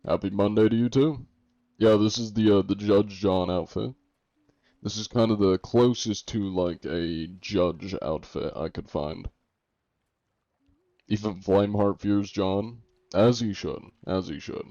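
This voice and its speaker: A man's voice: lowish voice, fairly even intonation, a little slow, mellow, no room sound. A young American man streaming a game, reading chat aloud and answering it with jokes. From United States. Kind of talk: casual livestream chat. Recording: dull lo-fi stream audio.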